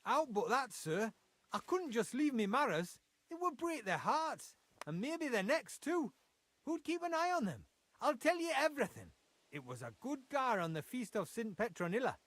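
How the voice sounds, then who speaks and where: Gruff geordie foreman guy in a game, high lively voice, dry studio sound. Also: moderate pace, no room sound, full character voice. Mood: grudging. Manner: blunt, dialect-heavy, grumbling. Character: gruff male mine foreman, blunt and impatient. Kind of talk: video game voice acting.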